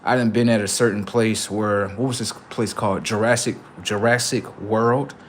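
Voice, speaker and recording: Young male streamer, casual slangy monologue, big loud spikes and low asides. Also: normal speed, a little hiss or hum. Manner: animated, swings from loud outbursts to quiet asides; slangy, addresses viewers directly. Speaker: livestream host.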